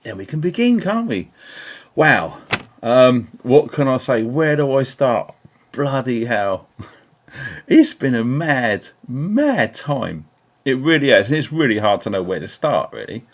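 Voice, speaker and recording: A man's voice: mid-range voice, very animated, takes it slowly. A man from England hosting a casual live stream, upbeat and chatty, greeting viewers by name with lots of ums, into a small desk mic. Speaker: livestream host. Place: indoors at a computer. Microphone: small desk mic on keyboard.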